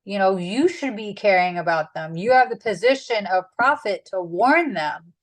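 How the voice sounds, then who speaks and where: A woman's voice: medium pitch, lively intonation, moderate pace, close to an everyday voice. Exasperated God, casual and slangy in his scolding; a woman doing the voice.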